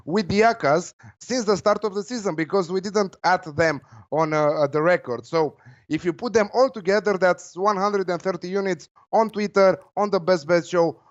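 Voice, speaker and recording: A man with a Romanian accent, a betting tipster guest in casual chat, speaking haltingly with many fillers. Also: high voice. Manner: filler-heavy, halting, upbeat. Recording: slightly dull lo-fi line.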